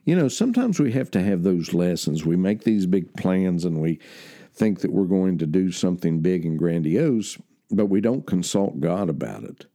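A man's voice: sits low, big pitch swings, normal speed, warm tone. A man with a West Virginian accent preaching a sermon in a folksy, conversational, homespun way.

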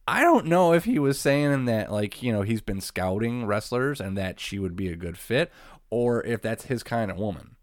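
Deep-voiced man recapping casually. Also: big pitch swings, moderate pace, no echo, studio quality. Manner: rambling, laughs often, swears casually. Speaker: podcast co-host.

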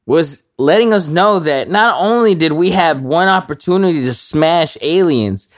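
A man's voice: on the high side, expressive, normal speed. A man hosting a casual podcast, steering the banter with crude, laid-back humor. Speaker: podcast host.

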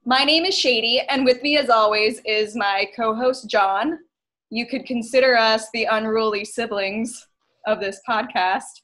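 Host: upbeat woman with a fairly high voice, laughs easily. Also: fairly even intonation, measured pace, fairly bright tone. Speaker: podcast host. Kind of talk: casual podcast chat.

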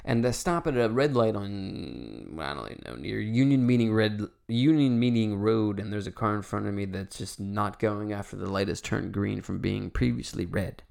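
A man's voice: medium pitch, sing-song, moderate pace, gravelly. A man in his forties hosting a solo podcast, telling a story in a candid, rambling way with lots of fillers and some swearing. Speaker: podcast host.

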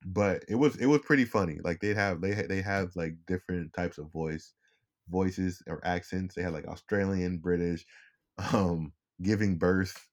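A man's voice: low voice, normal speed. A young man co-hosting a casual podcast, rambling easily with lots of restarts. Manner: rambling, restarts often, laid-back. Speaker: podcast co-host. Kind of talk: casual chat.

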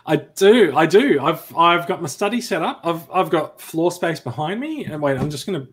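A man's voice: on the high side, lively intonation, moderate pace, husky. Upbeat Australian man hosting a podcast. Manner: upbeat, chatty, laughs easily. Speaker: podcast host. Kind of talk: casual chat. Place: home study.

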